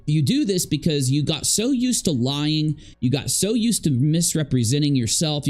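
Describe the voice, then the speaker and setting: A man's voice: a little high, a little mellow. A man hosting a commentary channel, ranting emphatically and rambling, repeating phrases while he eats and drinks. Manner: talking while eating and drinking.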